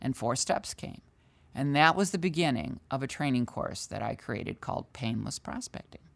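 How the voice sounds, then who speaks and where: Low-voiced older woman telling a story. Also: normal speed, gravelly. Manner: animated, candid, self-deprecating storyteller. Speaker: sales trainer, guest. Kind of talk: storytelling in a conversational interview.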